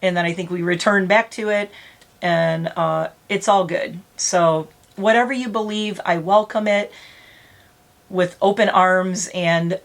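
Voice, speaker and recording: A woman's voice: lowish voice, steady tone, measured pace. A middle-aged woman vlogging casually, rambling and close to tears, laughing through emotion. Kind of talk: emotional casual vlog talk.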